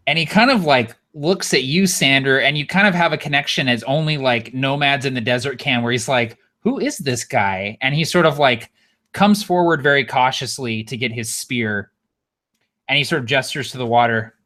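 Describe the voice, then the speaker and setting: Bright-voiced man narrating a tabletop game. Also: mid-range voice, normal speed. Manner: casual, laughing narration. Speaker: game master.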